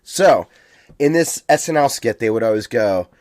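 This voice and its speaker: In a dry, studio-quality recording, an American man co-hosting a podcast talks at a moderate pace in an expressive, medium-pitched voice with a darkish tone. The conversation is casual and rambling, heavy on ums.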